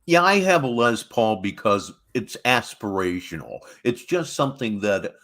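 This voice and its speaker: A man's voice: fairly low pitch, lively intonation, normal speed, fairly bright tone. A man hosting a reaction stream, making dry, sarcastic asides and chatting about his guitars. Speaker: host reacting to clips. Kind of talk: casual commentary over a clip.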